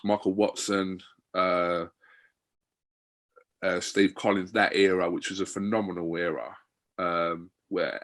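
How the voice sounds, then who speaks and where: A man, a podcast guest, chatting casually and telling stories with lots of fillers. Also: sits low. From Wickford, England. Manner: relaxed storytelling, many fillers. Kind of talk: casual interview chat.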